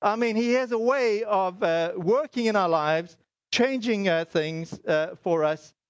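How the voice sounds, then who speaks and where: High-voiced man telling a faith story. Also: a little slow, no room sound, muffled recording. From South Africa. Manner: storytelling with many fillers and acted dialogue. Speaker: speaker. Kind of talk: testimony sermon.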